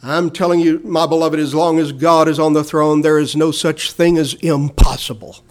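A man's voice: a little high, steady tone, normal speed. Man preaching with swelling, dropping delivery. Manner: dynamic preaching, swells loud then drops soft; addresses listeners as "my beloved". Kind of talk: sermon.

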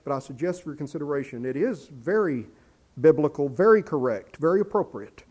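A man delivers a sermon in a warm, mellow voice that sits a little high. He is earnest, lifting into emphatic pleas and sinking low and soft when he reads scripture. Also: expressive, a little fast. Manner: earnest, rising to emphatic pleading; quotes scripture in a quiet lowered voice. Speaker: preacher.

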